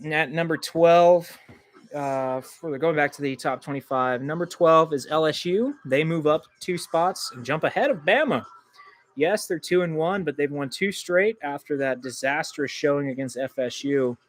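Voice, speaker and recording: A man hosting a livestream football reaction, excitable and quick to get indignant at calls, loose and rambling with many ums. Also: on the high side. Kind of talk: live football reaction commentary.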